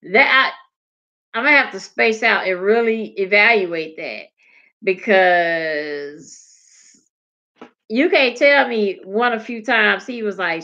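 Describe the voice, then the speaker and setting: Gravelly, bright-voiced woman telling stories. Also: slow. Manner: animated storytelling, acts out quoted people with big pitch swings. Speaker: podcast co-host. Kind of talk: casual comedic chat. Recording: dull lo-fi podcast audio.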